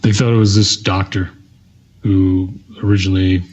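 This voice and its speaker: A man in a casual podcast chat about movies, dropping short, dry remarks. His voice is on the low side, and the audio sounds muffled and lo-fi. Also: flat delivery, moderate pace, darkish tone. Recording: dull lo-fi sound.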